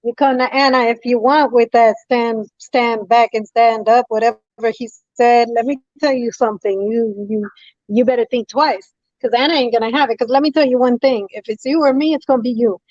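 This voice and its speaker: A woman's voice: fairly high pitch, fairly even intonation, normal speed, a little mellow, dry recording. A woman calling in to a talk show, speaking with preachy emphasis and repeating her points. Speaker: caller. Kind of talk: impassioned call-in talk. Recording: dull lo-fi phone line.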